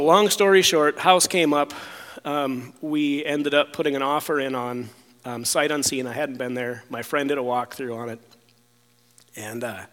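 A man's voice: mid-range voice, a bit bright, in a large hall. A man telling a personal testimony in casual speech, rambling with many fillers and restarts, sometimes acting out what others said. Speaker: storyteller sharing a testimony.

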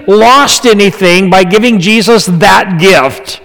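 A man preaches a sermon in a casual, conversational way, dropping into quiet asides and then building to emphatic, raised lines. His voice sits a bit high for a man. The sound carries a long reverb, like a large church hall. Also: a little slow. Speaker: pastor.

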